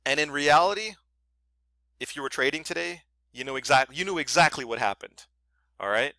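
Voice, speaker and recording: A man walks viewers through trading charts in a forceful, tense voice. He talks bluntly, swears freely and sounds annoyed, often tagging his points with "right?". The recording is close and dry. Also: fairly high pitch, no room sound. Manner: keeps asking "right?" for agreement. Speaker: trading educator. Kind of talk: screen-share trading tutorial.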